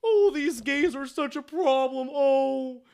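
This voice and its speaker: Man doing a mocking high diva drawl. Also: slow pace, a little mellow, heavily acted. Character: exaggerated homophobic female diva impression.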